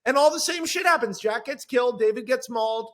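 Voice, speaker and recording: A screenwriter appears as a guest in a podcast conversation, speaking in a notably high voice. He recounts his own script in a fast, eager rush of enthusiastic storytelling, tripping over restarts and circling back mid-sentence.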